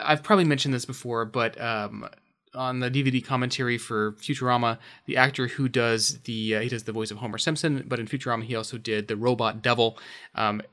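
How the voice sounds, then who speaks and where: A man talking casually on a podcast over a video call, relaxed and chatty. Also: mid-range voice. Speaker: podcast co-host.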